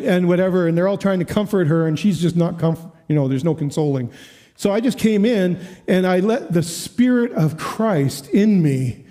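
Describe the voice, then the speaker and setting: A man preaching as a guest speaker at a church, telling a story with lively quoted voices and frequent laughs. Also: on the high side. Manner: animated, acts out quoted voices, laughs often. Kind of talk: storytelling sermon.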